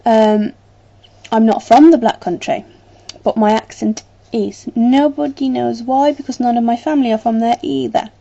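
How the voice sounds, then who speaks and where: A chatty British woman talks straight to her webcam, wandering through her thoughts with frequent ums. Her voice sits a bit high but sounds soft and mellow. The recording is dull and lo-fi. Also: normal speed, creaky. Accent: British English. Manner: rambling, chatty, lots of ums. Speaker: vlogger. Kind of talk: casual chat to camera.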